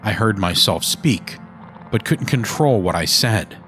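A man narrating a first-person horror story in a measured, brooding manner. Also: fairly low pitch, animated, a bit bright, soft background music.

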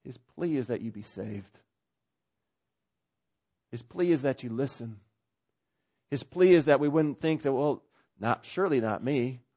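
A man preaching a conversational sermon as pastor, rising to loud swells and dropping to quiet asides. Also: mid-range voice, expressive, a little slow, pauses often.

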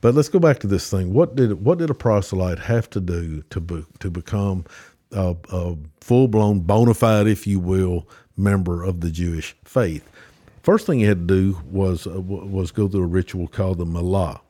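A man's voice: deep voice, moderate pace, mellow. A man with a Southern US accent explaining a religious topic as a podcast guest, with many restarts and fillers. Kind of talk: casual theological discussion.

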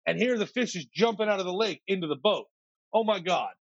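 A man with a slightly high, gravelly voice tells a lively story as a podcast guest. He acts out what other people said and stumbles over repeated words when he gets excited. The sound is dry and a little muffled. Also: quick pace, dry recording. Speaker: podcast guest, startup founder. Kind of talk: animated storytelling in a podcast interview.

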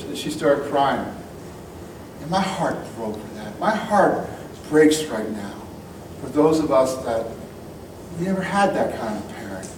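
A man's voice: medium pitch, big pitch swings, measured pace, long pauses, noisy background. A man pastor giving a sermon in a blunt, casual, emphatic way. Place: church hall. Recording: echoey room, mic at a distance, faint music.

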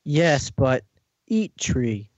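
A man's voice: mid-range voice, big pitch swings, extremely slow, darkish tone, no echo, highs cut off, pitched below the performer's own voice. A man voicing a simple-minded male snake who tempts in broken words during a comedic table read. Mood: coaxing. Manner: broken caveman-like speech, insistent.

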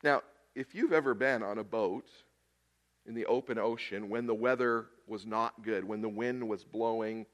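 A man preaching a sermon, swinging between loud emphasis and hushed, quiet lines with long deliberate pauses. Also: medium pitch. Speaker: pastor.

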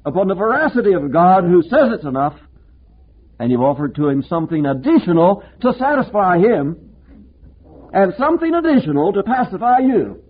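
A man preaching a sermon with passion, moving from emphatic declarations to hushed, low-spoken lines. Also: very animated, normal speed, slightly rough. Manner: impassioned preaching, swinging between emphatic and hushed. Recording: tinny lo-fi phone-like recording.

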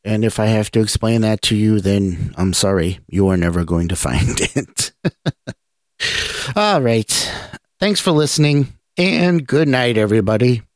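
A man hosting a geek news podcast, talking in a relaxed, rambling way with restarts. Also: fairly low pitch, measured pace, no echo, clean studio sound. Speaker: podcast host. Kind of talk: casual news roundup.

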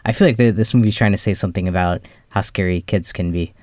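A man's voice: low voice, fast talker, a little mellow. A man co-hosting a podcast, chatting casually about a film, hesitant and stopping to restart his thoughts. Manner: hesitant, many fillers and restarts, laughs easily. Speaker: podcast co-host.

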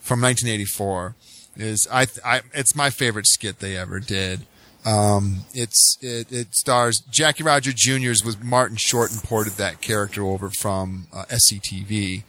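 A man co-hosting a podcast in casual chat, animated and giggly, with stumbling restarts. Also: on the low side. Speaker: podcast co-host.

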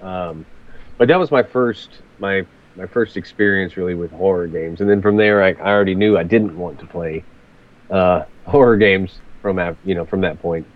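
A man's voice: deep voice, moderate pace, narrow, tinny audio. A man chatting casually about games, often repeating words as he starts sentences. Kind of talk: casual chat.

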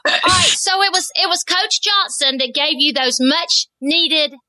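A woman's voice: very high-pitched, unhurried, sharp tone, dry recording, poor audio. A woman co-hosting a podcast, asking questions in a chatty, enthusiastic way. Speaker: podcast co-host. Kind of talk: casual podcast interview.

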